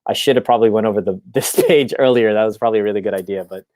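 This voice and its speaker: A man hosting his own live stream, chatting casually and excitedly, rambling with lots of fillers and restarts. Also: on the low side, rapid-fire, no echo.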